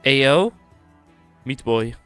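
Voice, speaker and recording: A man's voice: medium pitch, animated, a bit bright, clean tone, faint music behind. A man streaming a game, thinking aloud and reacting casually as he explores. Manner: thinking aloud, quick reactions, reads dialogue. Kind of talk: casual gameplay commentary.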